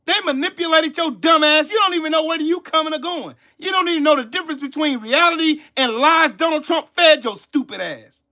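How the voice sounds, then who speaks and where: A man's voice: very high voice, brisk, bright, forceful tone. A man hosting a livestream, ranting with heated profanity and scolding people in his chat. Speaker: channel host. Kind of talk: livestream commentary rant.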